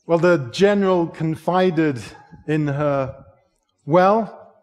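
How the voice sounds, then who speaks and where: A man preaching a sermon, telling a story in a measured way and asking the congregation rhetorical questions. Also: high-pitched, expressive. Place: church sanctuary. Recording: long church reverb.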